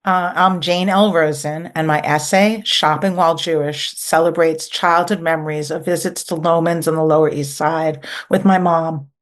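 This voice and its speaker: A low-pitched woman reads a passage from her own essay. She tells it in a plain, unhurried way. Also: fairly even intonation. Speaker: essay author reading aloud. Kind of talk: essay introduction and reading.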